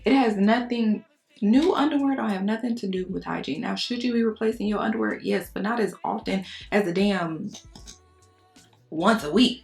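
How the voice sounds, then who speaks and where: A young adult woman chatting frankly to her viewers, telling animated stories and cussing casually. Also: medium pitch, normal speed, creaky, faint music behind. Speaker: beauty vlogger. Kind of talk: casual chat to camera.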